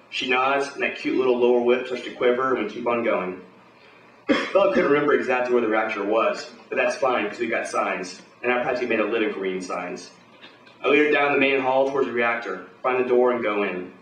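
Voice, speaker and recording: A man telling a gory pulp adventure to a bar crowd in a swaggering, profane tough-guy voice, at a middling pitch. He is recorded from a distance in an echoey room with a faint hum behind him. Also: brisk, fairly bright tone. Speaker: performer at an open reading. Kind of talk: hard-boiled pulp story read aloud live. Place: bar at a live reading.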